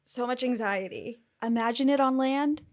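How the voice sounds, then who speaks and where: A woman co-hosting a casual talk show who reacts anxiously and quickly. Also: on the high side. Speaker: podcast co-host. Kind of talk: casual chat.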